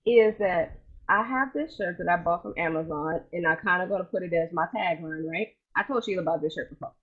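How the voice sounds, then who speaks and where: A woman co-hosting a podcast, telling lively casual stories in slangy speech with a husky voice over a video call. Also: lowish voice, fairly quick, phone-quality sound. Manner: animated storyteller, colloquial, laughs easily. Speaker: podcast co-host. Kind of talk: casual chat.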